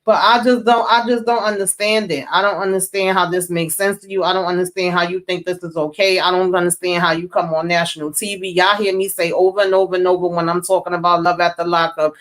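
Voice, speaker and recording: A woman's voice: on the low side, fairly even intonation, fast talker, hardly any pauses. A woman hosting a casual live recap of a TV show, exasperated and ranting as she talks straight to her viewers.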